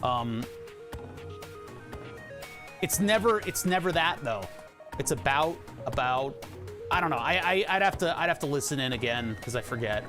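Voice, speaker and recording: A man's voice: mid-range voice, animated, moderate pace, pauses often, music in the background. A man with a Philadelphia accent, streaming live and chatting casually, rambling, laughing often and swearing now and then.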